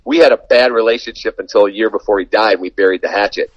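This sports radio and TV broadcaster speaks fast in a voice that sits on the lower side. The recording is dry and lo-fi. Chatting casually on a podcast, he relates a lively anecdote and acts out each quoted line.

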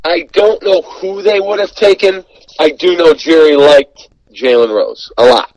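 Storytelling sports broadcaster, dry close sound. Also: male voice, fairly high pitch, unhurried, dry recording, rough recording. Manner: animated anecdote teller, acts out quoted dialogue. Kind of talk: storytelling in a podcast chat.

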